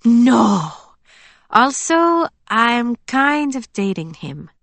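A woman voicing a steady, wry young heroine. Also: fairly high pitch, drawn-out words, no echo, voice pushed up, exaggerated voice. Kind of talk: audiobook character voice.

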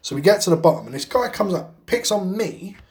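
A man's voice: high-pitched, sing-song, fairly quick, darkish tone. A man co-hosting a podcast, telling a rambling anecdote in casual chat, swearing constantly and laughing as he goes. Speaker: podcast co-host.

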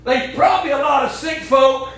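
Middle-aged preacher, very high voice, folksy, impassioned call-and-response sermon, roomy echo. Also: male voice, moderate pace. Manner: impassioned, rising to shouts, folksy. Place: church.

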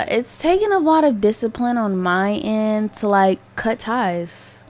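A young woman hosting her own podcast, talking candidly and rambling with lots of fillers and swearing. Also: fairly high pitch. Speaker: podcast host. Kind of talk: casual solo podcast monologue.

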